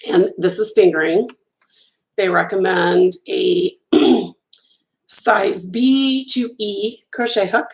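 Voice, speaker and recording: A woman hosting a casual live stream as a crochet designer. She is chatty and enthusiastic, addresses viewers by name, and sounds a little hoarse as she keeps clearing her throat. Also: mid-range voice, slow, low-quality recording.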